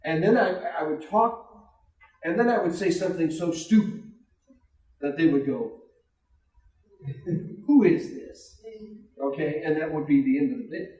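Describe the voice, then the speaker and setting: A man spins a radio yarn for a class, bouncing between narration and the voices of everyone in the story. His voice sits a bit high for a man. The recording is echoey and distant, caught from across the room. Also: normal speed. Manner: animated storyteller who acts out every character's lines. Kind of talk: casual anecdote.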